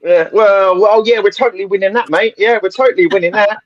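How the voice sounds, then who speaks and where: A man's voice: sits high, fairly even intonation, a little fast, highs cut off, crowd noise. Blunt man, casual football chat. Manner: blunt, laughs often, swears casually. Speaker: podcast panelist.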